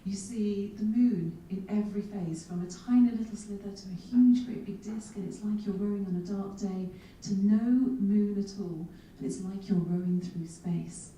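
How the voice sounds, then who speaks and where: A woman in her thirties tells self-mocking adventure stories to a conference audience. Her voice is mellow and warm. It reaches a distant mic in a large, echoey hall, with faint noise behind. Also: mid-range voice, moderate pace, hardly any pauses. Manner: lively, self-mocking storyteller with comic asides. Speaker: keynote speaker. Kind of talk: humorous keynote storytelling.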